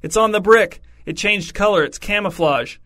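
A man reading an audiobook and voicing an excitable middle-aged woman who shrieks in alarm and then turns flat and blunt. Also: moderate pace. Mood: shrieking alarm. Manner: shrill sudden outbursts, then flat curt remarks.

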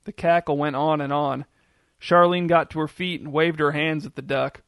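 A man reading a story aloud as narrator, in a steady, descriptive storytelling manner. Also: fairly high pitch, normal speed, no room sound, clean studio sound.

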